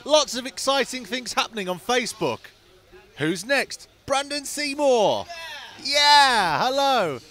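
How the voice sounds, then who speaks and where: A man putting on a colleague's voice, high and excitable, teasing him on a race stream. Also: slow pace, full character voice.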